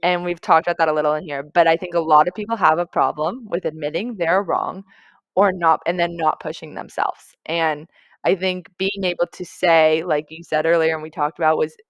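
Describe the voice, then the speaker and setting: A woman's voice: low-pitched, steady tone, brisk, no room sound, muffled recording. A young woman co-hosting a podcast, reflecting in long, run-on thoughts during a casual chat. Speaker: podcast co-host.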